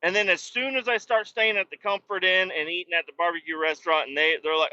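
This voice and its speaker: A man's voice: sits high, fast, few pauses, sharp tone, highs cut off. A man hosting his own podcast, ranting casually and profanely while driving, complaining with self-mocking humor. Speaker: podcast host. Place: vehicle on the road.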